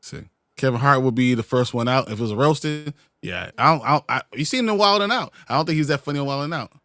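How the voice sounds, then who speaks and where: A man's voice: medium pitch, lively intonation, fast, fairly bright tone, dry recording, clean studio sound. A man co-hosting a livestream in a loose, joking casual chat, reading viewer comments aloud. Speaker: livestream co-host.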